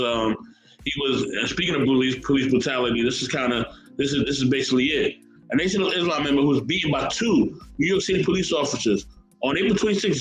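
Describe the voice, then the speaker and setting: A man's voice: a little high, reverberant, low-quality recording. A man hosting a casual podcast, chatting and reading history aloud, often repeating his words. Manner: animated, repeats words, reads chat comments aloud. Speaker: podcast host.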